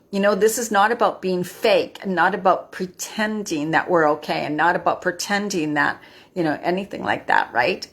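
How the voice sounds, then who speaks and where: A woman's voice: mid-range voice, a bit bright. A woman in her fifties giving an earnest motivational talk on a live stream, often ending her points with a questioning "right?". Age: 50s. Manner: earnest, tags lines with "right?". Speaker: midlife wellness host.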